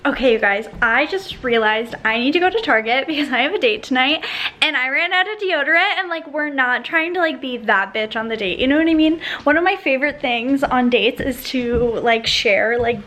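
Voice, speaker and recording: High-voiced chatty young woman. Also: a bit bright. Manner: chatty, swears freely, lots of "like". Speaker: vlogger. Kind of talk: casual chat.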